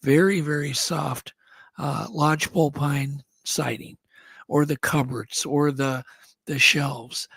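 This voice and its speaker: A man with a gravelly, husky voice who tells his story casually and with energy. He acts out the other people in it. The sound is close and dry. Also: on the high side, fairly even intonation, slow pace, a bit bright, no room sound. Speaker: guest. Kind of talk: casual storytelling on a radio show.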